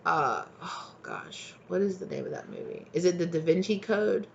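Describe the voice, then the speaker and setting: A tarot reader giving a rambling, animated channeled reading, acting out little dialogues. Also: mid-range voice, moderate pace, gravelly, lo-fi sound, a little hiss or hum.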